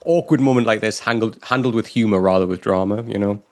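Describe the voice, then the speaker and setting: Man, low voice, podcast co-host, casual chatty talk, lots of fillers. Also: fast talker. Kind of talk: casual chat about a TV show.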